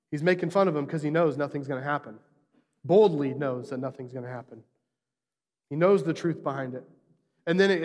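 A man preaching a sermon, retelling a scripture story in a lively storytelling manner. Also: fairly high pitch, in a large hall. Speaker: pastor.

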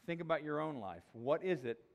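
A man's voice: on the high side, expressive, brisk, creaky. A male pastor preaching a sermon in a conversational, jokey, emphatic way.

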